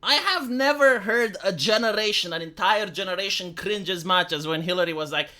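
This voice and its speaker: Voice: mid-range voice, fairly quick, sharp tone. A streamer from Romania, giving rambling, sarcastic commentary with lots of fillers. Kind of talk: casual commentary vlog.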